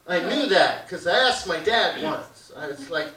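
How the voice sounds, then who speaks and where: On a theater stage in front of a live audience, a man in his fifties from Hamilton runs through a crude, rambling, brash comedy routine. The roomy recording is taken from afar, and his fairly high voice sounds pushed, bright, and expressive at a measured pace.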